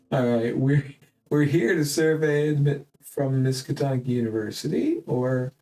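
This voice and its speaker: A man's voice: medium pitch, measured pace, warm tone, recorded from a distance, slight background noise, poor audio. A man acting as game master, reading a campaign prelude aloud, stumbling over and rereading lines.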